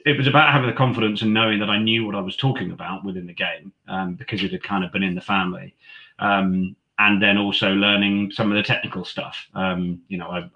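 A man's voice: deep voice, sharp tone, lo-fi sound. A man, a rugby commentator telling stories in a chatty way, full of fillers and restarts. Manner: chatty, many fillers and restarts, acts out quoted lines. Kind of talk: conversational storytelling.

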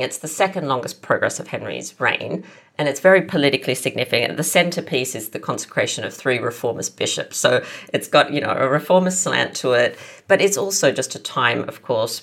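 A woman's voice: extremely low pitch, vocal fry, fairly bright tone. A woman author talking history as a podcast guest, thoughtful and explaining at length with many asides. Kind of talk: podcast interview.

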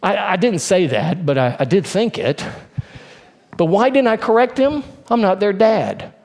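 Expressive and unhurried, a man preaches a heartfelt sermon. He drives home key phrases by repeating them and lowers his voice to a quiet hush when the message turns solemn.

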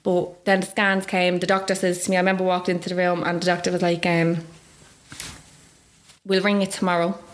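A young Irish woman telling a personal story in casual chat, acting out what others said with big jumps in her voice. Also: brisk. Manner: animated, acts out quoted speech with big pitch jumps. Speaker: guest.

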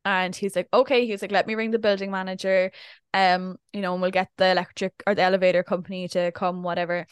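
A woman's voice: mid-range voice, little pitch movement, fast, clear, resonant tone, dry recording. A young adult woman, co-hosting a casual podcast and telling a story in a chatty way, acting out what people said. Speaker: podcast co-host. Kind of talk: casual chat.

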